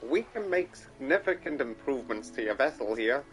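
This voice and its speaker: A man doing a shrill Cockney shipwright woman. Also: lively intonation, normal speed, faint music behind, lightly acted, rough recording. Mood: brisk. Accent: put-on Cockney. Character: female shipwright, brisk and practical.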